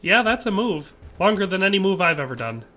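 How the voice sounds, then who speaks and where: High-pitched and sing-song, this man from Wisconsin, USA, speaks briskly in a pushed, bright tone. He chats casually with viewers during a live-streamed game, reading their messages aloud and replying.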